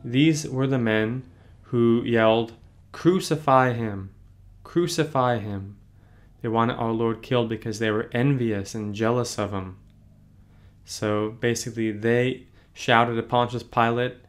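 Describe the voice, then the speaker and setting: A man, a priest, leading a catechism meditation on a painting, gently asking the listener questions and answering them. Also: medium pitch, level tone, measured pace.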